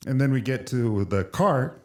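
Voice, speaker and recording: A man's voice: mid-range voice, expressive, moderate pace, a little mellow. A man in his forties, a podcast guest, telling a candid, emotional story with frequent restarts in casual chat. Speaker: podcast guest, brand co-founder.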